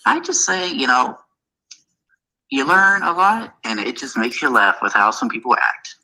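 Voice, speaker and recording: A man on a live stream as a guest, speaking in a measured, careful way. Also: medium pitch, big pitch swings, bright, forceful tone, poor audio.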